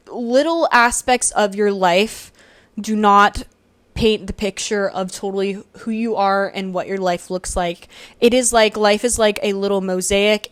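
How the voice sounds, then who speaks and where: Smooth-voiced woman musing on a podcast. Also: medium pitch, no room sound. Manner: chatty, reflective, with frequent um and like. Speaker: podcast host. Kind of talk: casual solo podcast reflection. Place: home room where she records.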